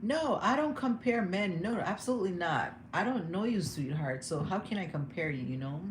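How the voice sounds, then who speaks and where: A young woman talking candidly and emotionally to her viewers, laughing now and then as she vents. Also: low voice. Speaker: vlogger. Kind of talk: casual livestream chat. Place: home room. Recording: echoey room with background noise.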